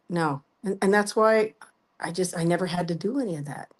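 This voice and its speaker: Animated woman telling her story. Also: fairly low pitch, normal speed. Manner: animated storyteller acting out both sides of dialogue. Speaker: guest singer. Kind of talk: casual interview storytelling.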